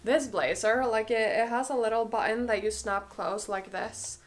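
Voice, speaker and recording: A woman's voice: on the high side, fairly even intonation, moderate pace. A young woman with a cold, chatting casually and gushing through a clothing try-on, full of "like" and "oh my god". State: has a cold, a bit out of breath. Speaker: fashion vlogger.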